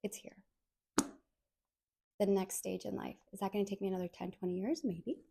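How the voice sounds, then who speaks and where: A woman in her thirties talks through her own podcast in a heartfelt, earnest way, often saying a word twice to lean on it. Her voice sits at a middle pitch with a mellow, warm color. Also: moderate pace, creaky, breathy edge. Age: 30s. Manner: earnest, heartfelt, repeats words for emphasis. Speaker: podcast host. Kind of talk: solo podcast monologue.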